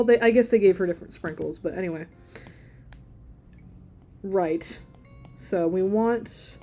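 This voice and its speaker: Woman, livestream artist, casual rambling chat, playful, low voice, warm tone. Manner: rambling and playful, laughs often. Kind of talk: casual chat while drawing.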